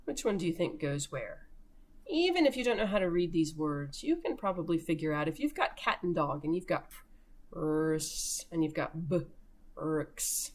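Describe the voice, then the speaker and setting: A woman with a lowish voice teaches young children in a recorded remote lesson. She sounds out each word slowly and patiently for beginning readers. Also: animated, a little mellow. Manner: slow, patient sounding-out of words for early readers.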